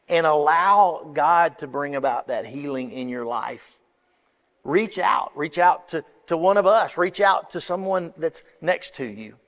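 A pastor preaching an impassioned sermon, building to emphatic peaks and often restarting phrases. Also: male voice, fairly high pitch. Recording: long reverb of a large hall.

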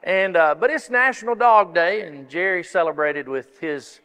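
A man's voice: high-pitched, normal speed, sharp tone, clean tone. A man preaching and giving announcements in a church, folksy and rambling with many restarts. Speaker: pastor. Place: church sanctuary. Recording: long reverb of a large hall.

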